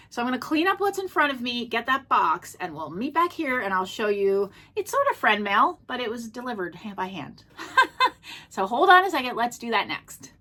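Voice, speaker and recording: A woman's voice: on the high side, pushed and bright. A woman casually showing off her thrift finds, chatty and gushing, with many ums and restarts. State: out of breath. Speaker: thrift vlogger. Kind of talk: casual show-and-tell chat. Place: home.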